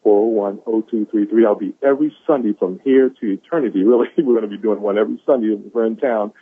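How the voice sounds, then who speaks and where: On a tinny phone line, a man with a lowish, husky voice talks fast and with no room sound. He's a caller sharing quotes of the day on a conference call, giving an enthusiastic, preachy motivational talk and repeating lines for emphasis.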